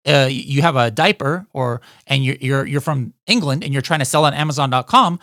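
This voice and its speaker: A man hosting a podcast, giving an energetic how-to talk to listeners he keeps calling guys. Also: medium pitch, brisk, no echo, clean studio sound. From United States. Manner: energetic, addresses listeners as guys, frequent "all right?". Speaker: podcast host.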